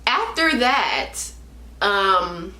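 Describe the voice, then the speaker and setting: A woman's voice: mid-range voice, very animated, drawn-out words, sharp tone, roomy sound. A woman telling a personal story in a casual storytime vlog, talking emphatically with slang and repeating herself for stress. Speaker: vlogger.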